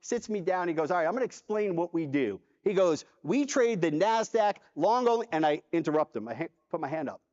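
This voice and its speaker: A man delivers a keynote in a big convention hall, spinning a personal story and playing every part of the dialogue himself. His voice sits high for a man. The sound is dull, and a long reverb trails off his words through the hall. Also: fairly quick, few pauses. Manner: animated storyteller acting out dialogue. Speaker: conference keynote speaker.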